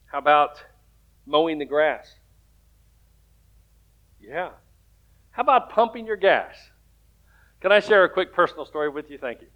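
A man's voice: on the high side, lively intonation, unhurried, long pauses, narrow, tinny audio. A man preaching a sermon as pastor, telling stories in a conversational way and rising to emphatic points.

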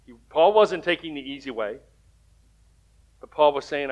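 A man's voice: a little high, expressive, normal speed, a little mellow. A man preaching a sermon as pastor, telling stories in a conversational way and rising to emphatic points.

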